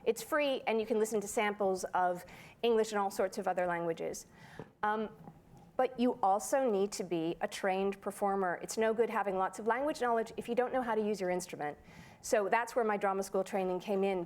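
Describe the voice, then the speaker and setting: A woman voice actor giving a lively, playful talk on a conference panel. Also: medium pitch. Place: conference hall.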